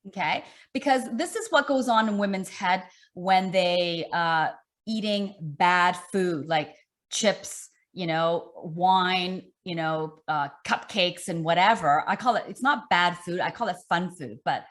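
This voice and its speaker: A woman's voice: on the low side, a little slow. Emphatic woman fitness coach. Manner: animated, repetitive, emphatic coaching talk. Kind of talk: online summit interview.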